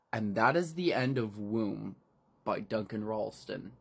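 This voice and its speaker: A man's voice: on the low side, animated, a little slow, creaky, breathy edge. Rambling man recapping a book. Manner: profane, rambling with fillers. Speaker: book reviewer.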